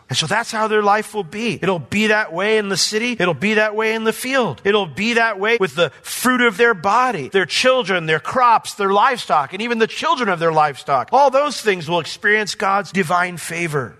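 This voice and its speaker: A man delivers a sermon from a church, his fairly high voice bright and forceful. He climbs into emphatic bursts and then drops to soft, low asides. A long hall reverb trails each phrase. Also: normal speed, hardly any pauses. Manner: animated preaching, rising emphatic then dropping soft. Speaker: pastor. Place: church sanctuary.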